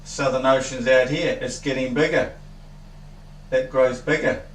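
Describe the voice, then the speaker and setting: A man slowly and earnestly explaining a theory in a halting way. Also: mid-range voice, steady tone, reverberant, recorded from a distance, poor audio.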